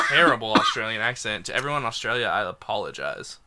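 A man's voice: lowish voice, big pitch swings, quick pace, a loud crowd. A young man co-hosting a casual podcast, making self-mocking, crude jokes. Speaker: podcast co-host.

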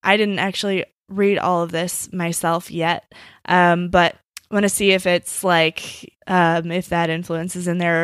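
A woman's voice: lowish voice, level tone, unhurried, smooth, dry recording, studio quality. A woman co-hosting a podcast in casual chat, swearing freely and leaning on "like" as a filler. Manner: casual and profane, full of "like" fillers. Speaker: podcast co-host.

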